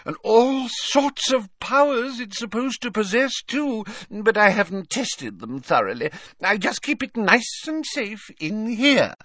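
A man's voice: high voice, sing-song, measured pace, few pauses, bright, forceful tone, no echo, clean studio sound, pitched above the performer's own voice, full character voice. Man putting on a simpering old rich lady. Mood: coy gushing. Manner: simpering, coy, gushing.

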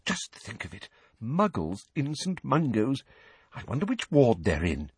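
A man's voice: medium pitch, measured pace, slightly rough, no echo, voice pushed up, full character voice. A man voicing a kindly middle-aged wizard father, chatty and evasive, in an audiobook reading. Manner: chatty, animated.

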